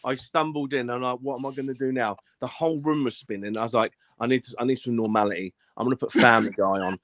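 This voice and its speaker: Man, lively crude storyteller, bright voice, faint noise. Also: mid-range voice, fast. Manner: animated, laughing, crude storyteller. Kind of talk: casual storytelling.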